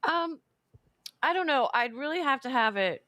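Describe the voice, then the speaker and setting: A woman co-host answering hesitantly and modestly in casual chat. Her voice is fairly high and lively, and it sounds dry and close, with no room around it. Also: normal speed, no echo.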